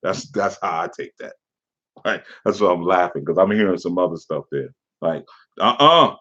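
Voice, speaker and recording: Speaking briskly in a low voice, a man reads a critic's comment aloud during a spiritual teaching and ridicules it with sarcasm and contempt. The recording sounds dull and lo-fi.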